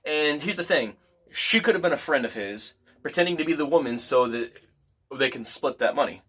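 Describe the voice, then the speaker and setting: Man, casual, bright higher voice, rambling storyteller who swears a lot. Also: lively intonation, brisk, breathy edge. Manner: rambling, repeats words, swears freely. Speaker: guest.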